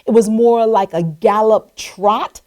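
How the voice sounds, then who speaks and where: A middle-aged woman hosts a show, speaking slowly in a slightly high voice as she tells an inspirational personal story. She's animated, acting out the voices of the people in it.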